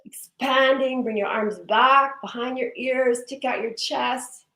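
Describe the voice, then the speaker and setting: A woman guides a breathwork session at an unhurried pace, her cues soothing and drawn out. Her voice carries the ring of an echoey room. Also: high voice, fairly even intonation, a bit bright. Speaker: breathwork and wellness instructor.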